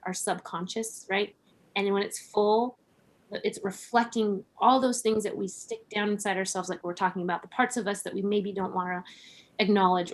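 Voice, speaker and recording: Speaking at a medium pitch, this female podcast guest keeps the conversation easygoing and thoughtful. Frequent laughter and plenty of "like" and "right?" fill her talk.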